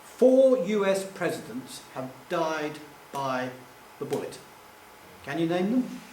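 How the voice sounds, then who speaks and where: A man gives a rambling, self-deprecating live talk in a fairly high voice. He is picked up from a distance in an echoey hall. A faint hum runs underneath. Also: big pitch swings, slow pace, darkish tone. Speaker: public speaker.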